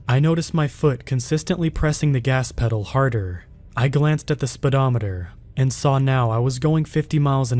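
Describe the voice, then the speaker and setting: A man reading a scripted first-person horror story in a steady, measured way. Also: medium pitch.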